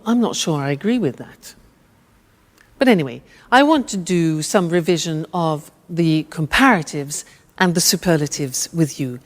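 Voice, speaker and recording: Slow, patient female English teacher. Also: on the low side. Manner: patient, over-enunciated, prompting. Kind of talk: slow, drilled language lesson. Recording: long reverb.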